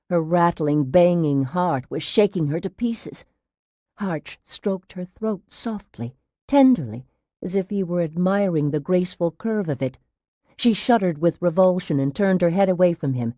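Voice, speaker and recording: Female narrator for a thriller audiobook: lower, warm tone, steady and tense, dry studio read. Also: no echo. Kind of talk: scripted narration.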